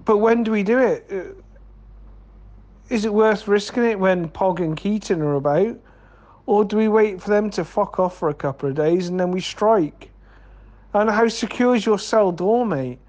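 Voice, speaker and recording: A man's voice: high-pitched, normal speed, darkish tone. A man co-hosting a comedy podcast, rambling through absurd plans, swearing and calling people mate. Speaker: podcast co-host. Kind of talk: comedic banter.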